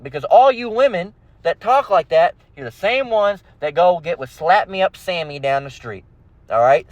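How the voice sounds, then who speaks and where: A man's voice: high voice, no echo, highs cut off. A man hosting a religious channel, ranting aggressively and profanely, constantly asking "all right?". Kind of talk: ranting monologue.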